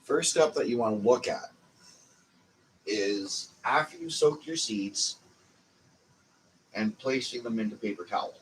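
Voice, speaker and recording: A man with a Canadian accent walks through a lesson in a slow, unhurried way, pausing on fillers as he goes. His voice sits fairly low, with a faint hum of room noise behind him. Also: expressive, low-quality recording. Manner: slow, meandering, with frequent fillers. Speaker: channel host teaching a growing class. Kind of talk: casual instructional talk.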